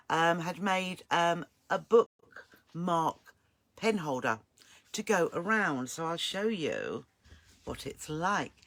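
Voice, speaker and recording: A woman's voice: fairly low pitch, a bit bright. An older woman hosts a live sewing stream, chatting casually and greeting viewers by name. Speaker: sewing channel host.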